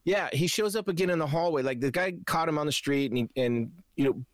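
A man's voice: on the high side, quick pace, dry recording. A man co-hosting a casual movie review chat, retelling the plot with heavy swearing and acting out his own reactions. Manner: animated, profane storytelling, acts out reactions. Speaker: podcast co-host.

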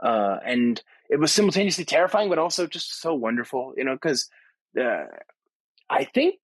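A man's voice: medium pitch, animated, moderate pace, no room sound. A man hosting a podcast, talking casually and enthusiastically on location at a conference, rambling with many fillers and restarts. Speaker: podcast host. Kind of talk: casual spoken monologue. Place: on location at a tech conference abroad.

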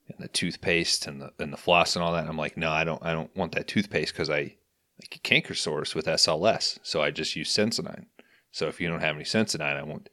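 A man in casual chat, telling crude, animated stories about the dentist. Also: low voice, no echo, clean studio sound. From St. Louis.

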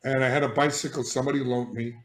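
An older man recounts his own past with blunt, emphatic energy, stopping to check in with his listener and restarting his sentences as he goes. His voice sits at an ordinary middle pitch. The room around him rings with a noticeable echo. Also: fast talker. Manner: animated and emphatic, frequent restarts and "all right?" check-ins. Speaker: guest, addiction therapist. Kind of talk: candid personal storytelling. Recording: echoey room.

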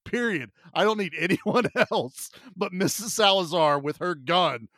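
A man's voice: sits high, measured pace, no room sound, clean studio sound. A man co-hosting a casual movie podcast, animatedly retelling scenes and laughing as he goes. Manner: animated, laughing storyteller who quotes scenes. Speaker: podcast co-host.

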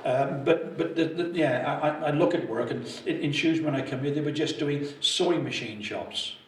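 A man's voice: a little high, moderate pace, far from the mic. Rambling older man, echoey room. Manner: rambling, repeats words, reminiscing. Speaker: co-host, former prison officer. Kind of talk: casual podcast chat. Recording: echoey room, a bit off-mic, faint noise.

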